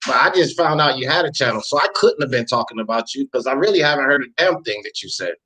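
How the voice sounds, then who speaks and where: A man's voice: mid-range voice, lively intonation, fast talker, sharp tone, breathy edge, low-quality recording. Defiant, plain-spoken male panelist. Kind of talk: casual podcast chat.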